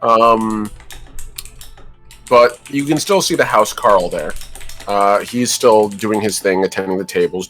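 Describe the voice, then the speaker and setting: Low-voiced man narrating a tabletop game. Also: fairly bright tone. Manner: rambling, filler-heavy, descriptive. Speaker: game master.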